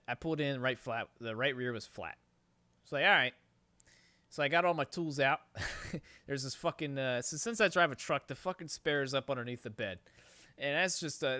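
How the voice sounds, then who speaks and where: A man's voice: medium pitch, dry recording. A young man hosting a podcast, telling a long rambling story with constant swearing and rising frustration. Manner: rambling, heavy swearing, gets worked up and loud. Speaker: podcast host. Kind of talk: casual storytelling.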